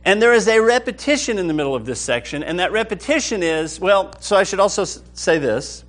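A man with a slightly raised voice leads a Bible class. He talks with real excitement and keeps checking that everyone is following along. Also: high voice, brisk. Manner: enthusiastic, keeps checking in with the group. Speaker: Bible study teacher. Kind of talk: lively Bible class lecture.

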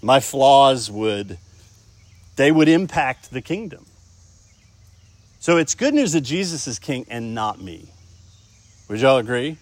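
A man's voice: medium pitch, no room sound. A man preaching a sermon, talking conversationally and often asking the congregation questions. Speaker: pastor.

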